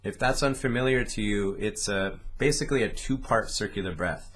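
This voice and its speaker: A man's voice: fairly low pitch, moderate pace, over loud music. A man teaching a didgeridoo lesson, patiently explaining a rhythm step by step and speaking its syllables aloud. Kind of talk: instructional lesson, talking through rhythms.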